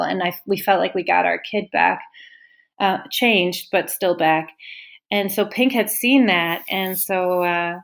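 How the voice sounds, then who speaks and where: A woman with a low, gravelly voice tells a personal story as a podcast guest. She speaks with open, heartfelt emotion and acts out the people in her story, and at times she is close to tears. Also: fairly even intonation, slow pace. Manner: heartfelt, openly moved, retelling with quoted dialogue. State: tearful at times. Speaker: teacher and parent guest.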